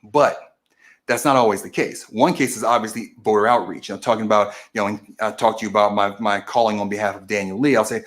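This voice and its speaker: The host of a political stream, a man with a fairly low, slightly bright voice, methodically explains a process step by step at a brisk, steady pace. He speaks casually, restarting and correcting himself often, recorded via camera video.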